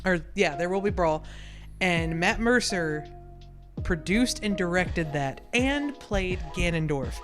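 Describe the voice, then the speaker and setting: Excitable male podcast co-host. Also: high-pitched, slow, soft background music. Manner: excitable, quotes lines in put-on voices. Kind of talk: casual chat.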